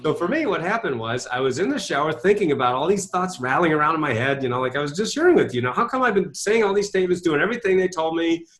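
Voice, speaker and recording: A middle-aged man, an author and speaker, appears as an interview guest and tells his story with animation and emphatic rhetorical questions. His voice is fairly high and fairly bright, and he talks fast and expressively with few pauses. Faint music plays in the background.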